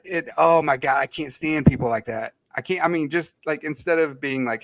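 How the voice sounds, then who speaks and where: A man's voice: fairly high pitch, normal speed, hardly any pauses, no room sound. A man co-hosting a casual sports podcast, ranting with strong opinions. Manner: opinionated, animated ranting with mocking put-on voices. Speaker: podcast co-host.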